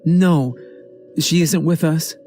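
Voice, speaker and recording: A man's voice: fairly high pitch, slow, mellow, soft background music, voice pushed up. A man voicing a frightened teenage girl who stumbles over her words. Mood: flustered. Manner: stammering, defensive.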